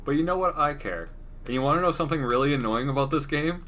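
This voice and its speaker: A man's voice: a little high, fast talker, a bit bright. A young man giving casual, joking game commentary as a streamer, laughing often. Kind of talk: casual let's-play commentary.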